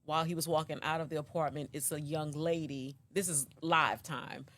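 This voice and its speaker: A woman, the mother of a young man, recounting in an interview what happened, with many pauses and restarts. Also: low-pitched, steady tone, a bit bright. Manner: halting, many ums and restarts. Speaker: mother of the accused.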